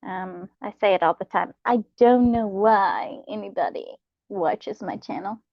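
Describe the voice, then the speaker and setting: Woman, slow unhurried chat, gravelly fry, dull lo-fi sound, dry. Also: medium pitch, no echo. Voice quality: soft, slow, laughs often. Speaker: channel host reading live chat. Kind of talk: late-night live stream chat.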